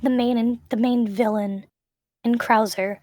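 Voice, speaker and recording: Brief: woman interviewer, slightly high voice, emphatic and enthusiastic, dry close sound. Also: steady tone, unhurried, a little mellow, dry recording. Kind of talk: casual chat about games.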